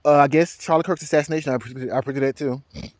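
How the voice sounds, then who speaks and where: A young man telling a rambling personal story as a vlogger, halting and repeating words, laughing often and swearing. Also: mid-range voice, darkish tone, dry recording, clean studio sound.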